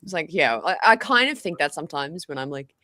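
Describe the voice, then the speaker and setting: A woman with a notably low voice chats as a podcast guest, talking in a lively, tumbling way full of "like"s and self-corrections. The sound is close and dry, with no room around it. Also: dry recording. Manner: animated, fast, full of likes and restarts. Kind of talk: casual podcast chat.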